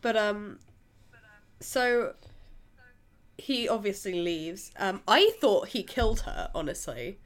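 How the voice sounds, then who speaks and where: A woman's voice: medium pitch, sing-song, slow, long pauses. A woman co-hosting a podcast, chatting casually and giggling through a film review with lots of fillers. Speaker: podcast co-host.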